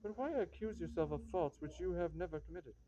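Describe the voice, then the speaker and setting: A man's voice: on the high side, fairly quick, dark tone, slight background noise, close to an everyday voice. A man voicing an imperious young noblewoman. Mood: scolding. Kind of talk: amateur reading of a stage comedy. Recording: dull lo-fi recording.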